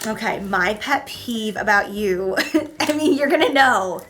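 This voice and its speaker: A woman hosting a casual couple Q&A chat, animated and quick to act out her stories. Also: mid-range voice, soft background music. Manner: animated, acts out voices and stories. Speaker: host.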